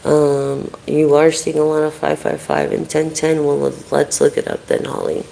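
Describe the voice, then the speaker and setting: A card reader on a casual live stream, talking in a deeply gravelly, fry-heavy voice over faint background noise. The delivery rambles and swears at nearly every turn while chatting to viewers by name. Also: monotone, moderate pace. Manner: profane, swears constantly. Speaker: tarot and oracle card reader.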